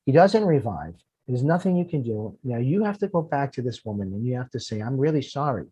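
A man's voice: mid-range voice, big pitch swings, fairly quick, mellow, husky, no echo, muffled recording. A man, a firefighter and podcast guest, telling emotional personal stories earnestly, often repeating words when moved.

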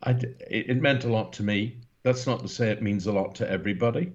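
A Northern Irish man in his sixties talks as a guest broadcaster in a casual interview, earnest, emphatic and rambling. His voice sits on the low side and moves fast, and the recording is muffled.

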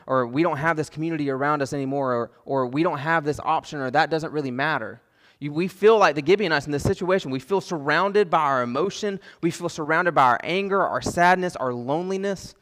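A man's voice: on the high side, big-room sound. A man preaching a sermon as pastor, impassioned, repeating phrases for emphasis and acting out prayers.

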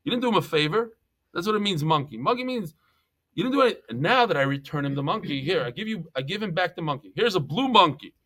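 Lively man teaching Talmud. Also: sits high, fast talker. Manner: lively, jokey storyteller, mixes Hebrew and Yiddish terms. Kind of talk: animated Talmud class.

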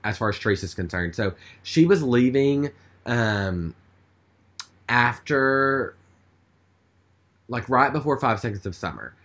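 A man's voice: medium pitch, expressive, measured pace, pauses often, a bit bright. A man telling a story in casual chat, rambling with lots of fillers. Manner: rambling, chatty, with many fillers.

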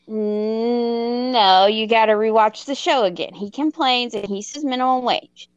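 A woman in her thirties, co-hosting a casual chat, telling a story in an animated, self-mocking way and laughing as she goes. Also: fairly high pitch, measured pace, hardly any pauses, smooth, no room sound, dull audio. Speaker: podcast co-host.

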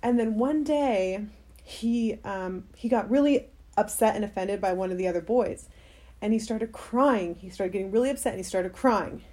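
A woman's voice: medium pitch, moderate pace, warm tone. A young woman co-hosting a podcast, telling a story in casual chat with lots of fillers. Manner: rambling, many fillers. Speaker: podcast co-host.

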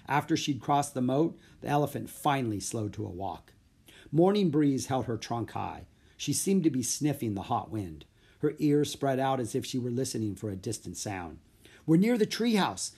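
A man narrating a children's audiobook in a steady, plain storytelling voice. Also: mid-range voice, slightly rough.

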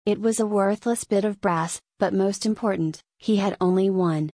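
A woman narrating a story as an audiobook in a measured storytelling way. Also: mid-range voice, warm tone, no room sound.

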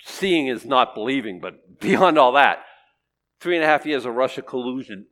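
An older man, a pastor, preaching a sermon with animated emphasis that swings between loud declarations and hushed, quiet passages. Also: mid-range voice, normal speed.

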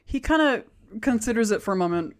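A woman's voice: on the high side, lively intonation, fast talker. A woman narrating as game master of a tabletop game, casual with many fillers.

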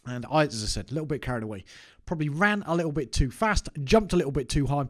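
A man's voice: fairly high pitch, quick pace. A man, telling a personal story to camera in a chatty, self-mocking way. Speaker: business owner vlogger. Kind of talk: casual anecdote to camera.

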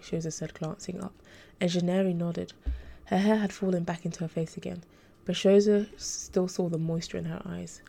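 A woman narrating an audiobook in a steady, plain reading voice. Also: fairly low pitch, normal speed, creaky.

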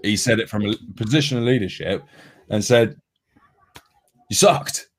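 A man's voice: fairly low pitch, fairly quick. A man co-hosting a casual sports podcast, rambling with lots of ums and restarts. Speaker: podcast co-host.

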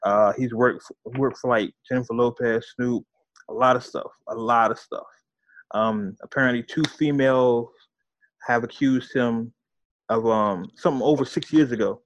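A man's voice: medium pitch, fairly even intonation, moderate pace, no room sound. A man co-hosting a podcast, chatting loosely and joking with slang. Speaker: podcast co-host. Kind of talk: casual chat.

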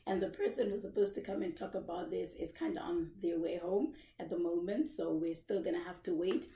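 A woman's voice: on the low side, a little fast, dark tone, reverberant, recorded from a distance. A young woman hosting a casual live podcast, chatting, laughing often and greeting viewers by name. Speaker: podcast host. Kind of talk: casual live-stream chat.

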